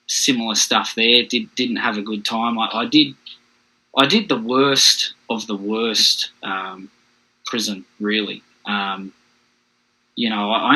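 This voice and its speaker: Aussie guy talking straight about his past, husky voice with a sharp forceful bite. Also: on the low side, low-quality recording. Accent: Australian. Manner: frank, plain-spoken, halting at hard moments. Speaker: podcast guest. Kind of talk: candid personal storytelling.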